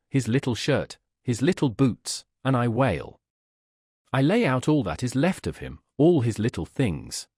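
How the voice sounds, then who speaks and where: A man reading the part of a grieving middle-aged peasant woman who speaks in a slow, sing-song, pleading lament. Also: medium pitch, a little mellow, breathy edge, no echo, studio quality, exaggerated voice.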